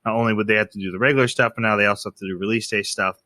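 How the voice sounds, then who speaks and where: A man's voice: lowish voice, very fast, dry recording. A man hosting a podcast, casually recapping an episode and acting out the characters' lines in raised voices. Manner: animated recapping, acts out quotes in raised voices. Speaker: podcast host.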